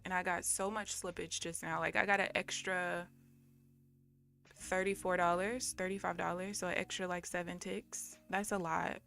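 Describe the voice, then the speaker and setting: A woman's voice: lowish voice, level tone, moderate pace, gravelly, fairly bright tone, faint music behind. A woman live streaming her day trading, talking casually to viewers and swearing bluntly in frustration.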